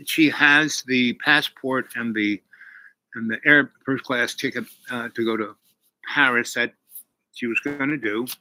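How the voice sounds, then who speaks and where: Host type: rambling man recapping a film, very bright, tense voice, average pitch. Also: no room sound, low-quality recording. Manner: rambling, full of "you know" and restarts. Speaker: channel host. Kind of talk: casual movie retelling.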